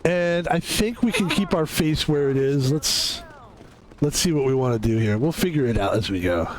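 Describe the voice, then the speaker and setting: A young man streaming a video game, chatting casually in an excitable, rambling way and laughing often. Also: a little high, moderate pace, rough recording. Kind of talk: casual live-stream chat.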